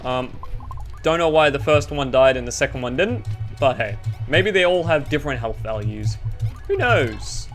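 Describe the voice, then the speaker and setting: A man's voice: medium pitch, lively intonation, normal speed. A young Australian man giving rambling, goofy and self-deprecating gameplay commentary over faint game music. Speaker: gaming YouTuber.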